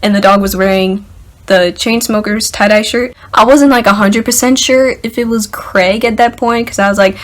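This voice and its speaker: Young woman vlogging, excited and chatty, says like and literally a lot, medium voice. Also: medium pitch, moderate pace. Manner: excited, filler-heavy, lots of "like" and "literally". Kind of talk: casual storytelling to camera.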